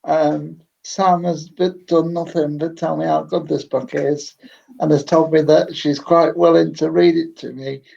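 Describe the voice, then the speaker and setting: A man's voice: fairly high pitch, little pitch movement, a little slow, darkish tone. A man on a book club video chat, easygoing and agreeable. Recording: gravelly, dull lo-fi line.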